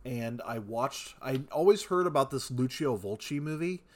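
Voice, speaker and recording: A man's voice: mid-range voice, animated, normal speed. A man co-hosting a podcast in casual chat, laid-back and swearing freely, often stumbling over his words. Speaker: podcast co-host.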